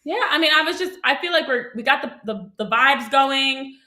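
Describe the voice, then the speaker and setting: A woman co-hosting a casual sports show, upbeat and quick to laugh. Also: high-pitched, lively intonation, pushed and bright, echoey room, poor audio.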